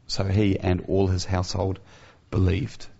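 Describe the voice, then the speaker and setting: A man's voice: sits low, completely flat delivery, a little slow, creaky, dark tone. A man preaching an earnest sermon who asks his listeners rhetorical questions, in a dull, lo-fi recording.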